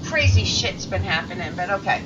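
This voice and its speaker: A woman radio host chatting casually, animated and quick with reactions, over a remote call. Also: mid-range voice, echoey room. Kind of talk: casual chat. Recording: distant, dull call audio with noise.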